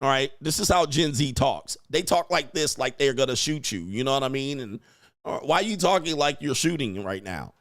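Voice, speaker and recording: A man with a mid-range, lively, slightly bright voice talks briskly while hosting a reaction commentary show. He mocks and lectures the people in the clips he plays and laughs often. The recording is clean studio sound with no room ambience.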